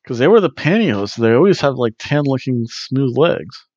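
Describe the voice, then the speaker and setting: A man's voice: medium pitch, animated, normal speed, a little mellow, no echo, highs cut off. A man hosting a wrestling review podcast, rambling casually through a recap and breaking into goofy chants and sing-song asides.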